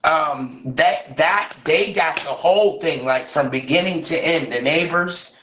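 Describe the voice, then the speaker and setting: A man's voice: fairly high pitch, a little slow. A man speaking bluntly and with plenty of cursing in a casual chat. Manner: blunt and profane, animated. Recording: roomy, dull, slightly noisy.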